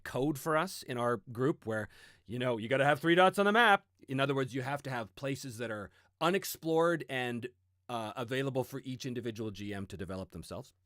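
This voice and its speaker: A middle-aged man hosting a casual livestream Q&A, chatty and animated, with frequent fillers. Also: mid-range voice, no echo, clean studio sound. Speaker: host.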